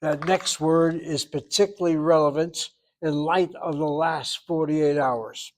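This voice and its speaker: A man teaching a Hebrew class, explaining pronunciation and slowly repeating words for students to copy. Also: on the high side, steady tone. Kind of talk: classroom lecture.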